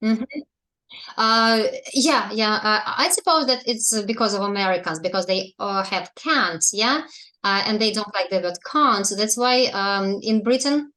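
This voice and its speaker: A woman's voice: mid-range voice, moderate pace, sharp tone. Woman teaching English on a video call. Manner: explaining patiently, asking students questions. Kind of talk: online language lesson.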